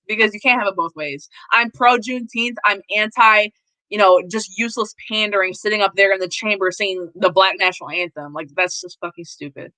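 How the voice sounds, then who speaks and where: A woman's voice: medium pitch, brisk, pushed and bright, no room sound, rough recording. A woman hosting a casual political live stream, talking bluntly and animatedly with plenty of profanity. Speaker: host.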